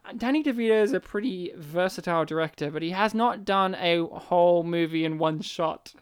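A man's voice: high-pitched, clear, resonant tone. Young man riffing on a movie. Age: young adult. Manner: quick joking riffs, playful teasing. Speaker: podcast co-host. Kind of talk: casual movie commentary chat.

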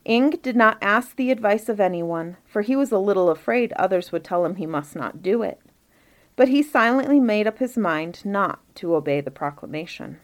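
A woman reading a Christmas storybook aloud in a gentle, measured narration. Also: medium pitch, lively intonation.

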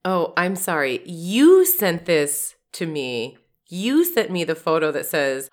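A woman's voice: on the low side, big pitch swings, slow pace. A married woman co-hosting a podcast in casual chat, telling bawdy stories in a playful way and laughing a lot. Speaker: podcast co-host.

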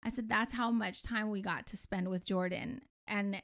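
A woman's voice: mid-range voice, steady tone, normal speed, creaky, a bit bright. A woman co-hosting a podcast, telling a heartfelt story in a chatty, emotional way. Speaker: podcast co-host and parent. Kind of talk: casual chat.

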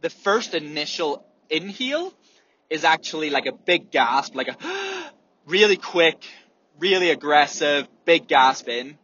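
Bright-voiced man, candid and sweary. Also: on the high side, expressive, measured pace, muffled recording, a little hiss or hum. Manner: candid, swears freely, demonstrates breathing sounds. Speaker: runner. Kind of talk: casual monologue.

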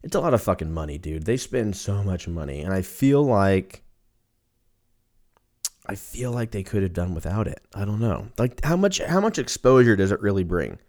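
Profane, rambling young man, low voice. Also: animated, normal speed, darkish tone. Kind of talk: casual solo chat.

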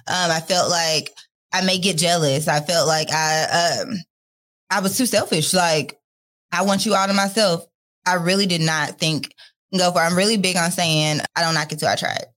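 A woman's voice: sits low, steady tone, moderate pace, a bit bright. A young adult woman on a podcast, telling her own story candidly with lots of fillers and laughter. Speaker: podcast guest. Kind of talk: casual chat.

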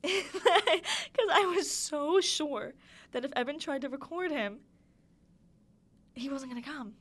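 Young female podcast host, slightly high voice, chatty and giggly storytelling. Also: big pitch swings, takes it slowly, fairly bright tone. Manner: chatty, giggly, lots of "like" fillers. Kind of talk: casual storytelling monologue.

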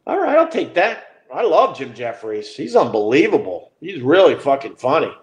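A middle-aged man with a somewhat high voice tells a story as a podcast host. He talks loosely and profanely, restarting his sentences and chuckling as he goes. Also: wildly swooping pitch, normal speed. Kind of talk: casual storytelling.

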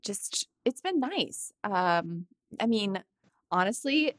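A woman's voice: mid-range voice, very animated, slow, a bit bright, no room sound. A woman in her thirties co-hosting a podcast, chatting casually in a bubbly, giggly, rambling way. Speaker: podcast co-host. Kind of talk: casual chat.

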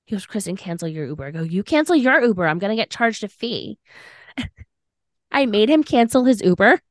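A young woman co-hosting a podcast tells a long personal story in an animated, chatty way. Her voice sits at a middle pitch, and she keeps dropping "like" into her sentences while acting out what people said. The recording is close and dry, with hardly any room sound. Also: normal speed, no echo. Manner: animated, fillers of "like", acts out quoted lines. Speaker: podcast co-host. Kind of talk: casual storytelling chat.

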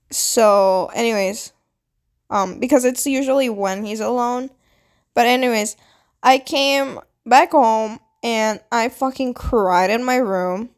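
A young adult woman with a somewhat high voice tells a personal story to camera. She talks casually, swearing freely and leaning on "like," and acts out what others said with lively emphasis. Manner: casual, frequent swearing and "like" fillers; animated, dramatic retelling with quoted voices. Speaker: vlogger. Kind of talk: storytime monologue.

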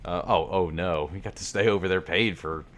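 Man, podcast co-host, very low pitch, bright forceful tone, laid-back banter. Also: a little fast, a little hiss or hum. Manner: reads ad copy with playful emphasis, laughs often. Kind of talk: casual chat.

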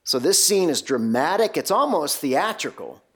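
Male preacher, slightly higher voice, expressive delivery with rhetorical questions, sermon read. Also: normal speed. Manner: animated, rhetorical questions, varied pace.

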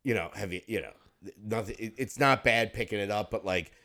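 A man's voice: fairly low pitch, fairly quick, bright, forceful tone. A man co-hosting a podcast in casual chat, a rambling storyteller who laughs and curses freely. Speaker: podcast co-host.

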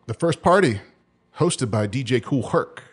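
A man's voice: mid-range voice, animated, a little slow, breathy edge. Podcast host, male, casual, explains with sung beat sounds.

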